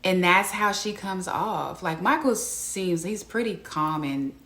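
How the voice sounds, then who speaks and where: A woman talking casually and frankly as she recaps a reality show, full of slang and lively retellings. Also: on the low side, slow pace.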